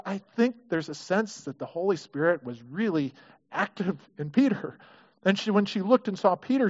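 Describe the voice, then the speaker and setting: A man's voice: high voice, darkish tone, dull audio. Conversational man preaching a sermon. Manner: conversational, acts out quoted prayers, frequent restarts. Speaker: pastor.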